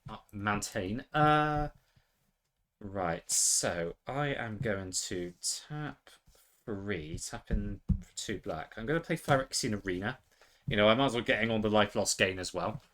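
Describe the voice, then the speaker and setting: A man's voice: fairly low pitch, animated, a little slow, fairly bright tone, slight background noise. A man, chatting casually and joking at his own expense while playing a card game. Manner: joking, self-deprecating. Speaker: player and co-host.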